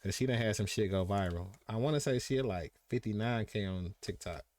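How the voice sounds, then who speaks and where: A man's voice: fairly low pitch, fairly quick, a little mellow, dry recording. A young man hosting a live podcast stream, telling stories in casual slang and acting out what people said. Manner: laid-back slangy storytelling, acts out quotes. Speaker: podcast host.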